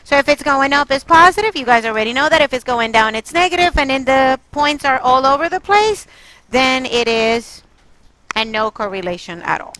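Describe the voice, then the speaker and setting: Bright high-voiced woman teaching math. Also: animated, normal speed, low-quality recording. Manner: coaxing, quizzing students, exasperated then apologetic. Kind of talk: classroom lesson.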